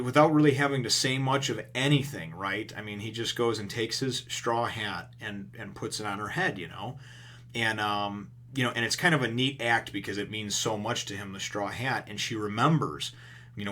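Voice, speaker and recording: A man's voice: on the low side, a bit bright, a little hiss or hum. A man casually recapping and reviewing a comic chapter, rambling with lots of fillers and the odd swear word. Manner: rambling, heavy on fillers like "you know", emphatic and casually profane.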